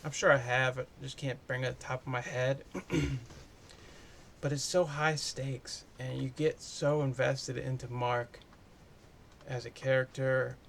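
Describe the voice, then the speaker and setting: A man's voice: mid-range voice, gravelly, slight background noise. Casual, profane man reviewing a movie. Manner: loose, profane, chatty.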